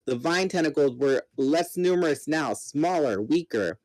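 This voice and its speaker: A man's voice: on the high side, lively intonation, a little slow, a little mellow, no echo, rough recording. A man reading a novel aloud, narrating steadily and voicing the characters himself. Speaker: reader. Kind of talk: dramatic book reading.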